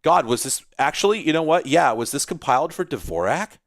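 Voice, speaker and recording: A man's voice: on the high side, lively intonation, a little fast, dry recording, studio quality. A man hosting a retro computing video, rambling in casual, profane commentary while he plays an old computer game, breaking into sudden exclamations.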